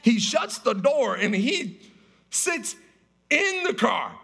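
Pastor guy telling a story in a sermon, bright gravelly voice, gets loud and animated. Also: very high-pitched, takes it slowly. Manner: animated, shouting storyteller acting out scenes.

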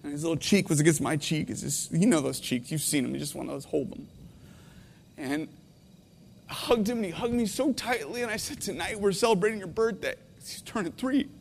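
A man in his thirties preaches with a fairly high voice. He is tearful and heartfelt, dropping to a hush and then rising to intensity as he speaks. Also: brisk, creaky, long reverb tail, slight background noise. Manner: heartfelt, voice breaking, swinging between quiet and intense. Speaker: pastor. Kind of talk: emotional sermon.

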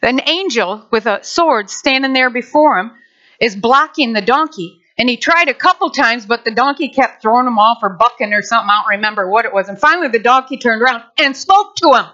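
Woman pastor, sermon, bright and sharp tone, dull lo-fi recording. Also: on the high side. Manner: animated, acts out quick voices. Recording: dull lo-fi sound.

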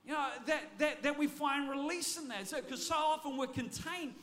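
High-voiced man preaching a sermon. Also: moderate pace. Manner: energetic, repeats words as he restarts phrases. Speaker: pastor.

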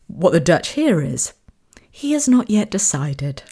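A woman's voice: medium pitch, moderate pace, slightly rough. A British woman giving a lecture, talking with frequent laughter and fillers. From Britain. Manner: laughs often, fillers, animated when amused. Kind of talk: lecture on cultural communication.

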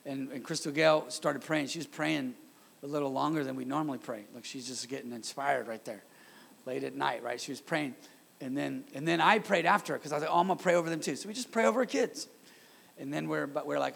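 A male pastor in his thirties delivers a sermon in a church sanctuary. His voice sits a bit high for a man, with a gravelly, husky edge. He talks with lively energy and keeps calling on the congregation to answer him and repeat his words. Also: fast.

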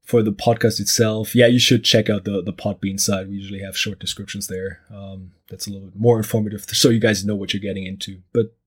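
A man's voice: lowish voice, little pitch movement, brisk, hardly any pauses, husky. A man answering interview questions as a podcast guest, hesitant and searching for words. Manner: hesitant, many fillers and restarts.

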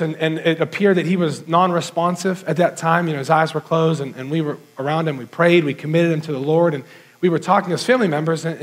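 High-voiced man preaching a personal story. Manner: earnest, conversational storytelling with many fillers. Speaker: pastor.

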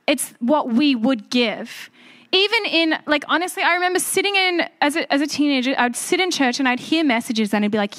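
A woman pastor preaching a sermon to her church. She talks in an animated, conversational way, with personal stories and self-deprecating asides. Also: sits high.

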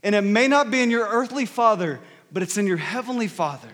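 A male pastor preaching a sermon, telling stories with animated, emphatic delivery. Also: high voice, fairly quick. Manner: animated storytelling, rising to emphatic peaks. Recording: long reverb of a large hall.

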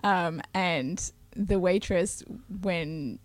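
A woman's voice: on the low side, extremely slow, no echo. A woman from Australia with an Australian accent, a guest chatting casually and laughing easily. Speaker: podcast guest. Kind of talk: casual comedy chat.

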